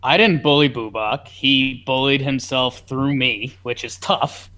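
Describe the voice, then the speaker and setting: A man's voice: mid-range voice, a little slow, bright, forceful tone. A man co-hosting a podcast in casual chat, rambling and joking about his listeners. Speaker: podcast co-host.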